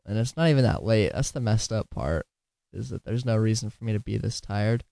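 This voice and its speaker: Podcast host, male, tired and giggly, rambling casual delivery with some slurring, lowish voice, dry close mic. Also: lively intonation, fairly quick, vocal fry, dark tone, no echo. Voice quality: drowsy, slurring at times. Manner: giggly, rambling, self-deprecating.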